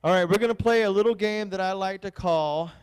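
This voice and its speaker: Brief: high, clear-voiced man as a youth pastor, teasing and bossing the kids through a game, church hall echo. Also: a little fast. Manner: playful, teasing, bossy with the kids. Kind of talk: lively youth-group game hosting. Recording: long hall reverb.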